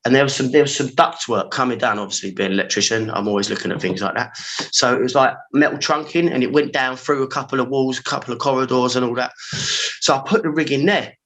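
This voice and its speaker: A man in his forties with a London accent tells his stories in a casual podcast chat. His voice is bright and forceful, full of slang, and he acts out his own past reactions with vivid energy. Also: mid-range voice, fast talker, low-quality recording. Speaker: podcast guest, former pirate radio engineer.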